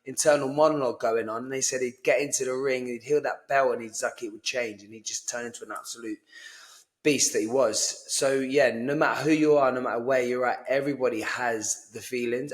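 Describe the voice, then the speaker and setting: A man's voice: medium pitch, fairly even intonation, brisk. A young man, a boxing coach, gives casual motivational advice in a blunt way with some swearing. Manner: blunt, swears, mimics voices in quotes. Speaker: boxing coach and podcast host.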